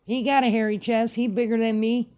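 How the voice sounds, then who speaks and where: A woman's voice: on the high side, flat delivery, a little fast, mellow. A woman vlogger ranting to camera in a casual, blunt and emphatic way, repeating her points. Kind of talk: casual opinion rant to camera.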